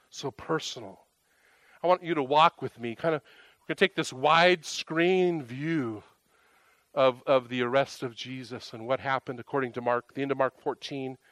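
A man preaching a conversational sermon, animated, firing off rhetorical questions. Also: mid-range voice, no echo. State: tired, emotionally raw. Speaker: pastor.

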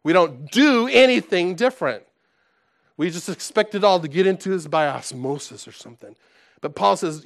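A man preaching a sermon to his congregation, conversational and animated, dropping to soft asides and rising to loud exclaims, with frequent restarts. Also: high-pitched, moderate pace. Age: adult, past college. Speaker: pastor.

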